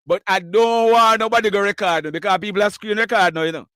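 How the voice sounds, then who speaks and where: High-voiced Jamaican man hosting callers. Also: steady tone, quick pace, sharp tone, dry recording, studio quality. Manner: laughs often, mixes patois and English. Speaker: live news show host taking callers. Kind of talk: casual call-in chat.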